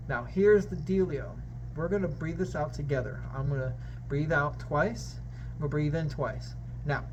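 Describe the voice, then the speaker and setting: An encouraging man with a somewhat high-pitched voice leads a harmonica lesson in a friendly, upbeat way. He talks straight to the learner as he explains breathing and rhythm. A faint room ambience sits behind him. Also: noisy background. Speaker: harmonica teacher.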